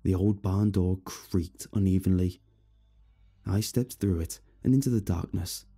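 A man narrating a first-person horror story in a steady, somber manner. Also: low-pitched, unhurried, slightly rough, faint music behind.

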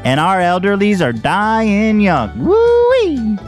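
A man's voice: on the high side, sing-song, takes it slowly, faint music behind, voice pushed up. A man voicing a folksy male televangelist preacher with a put-on drawl and a hollering, sing-song delivery. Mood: gleeful.

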